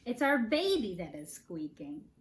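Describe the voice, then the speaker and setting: A woman's voice: medium pitch, big pitch swings, measured pace. A woman voicing a kindly, fussy father bird in a storybook, firm and reassuring.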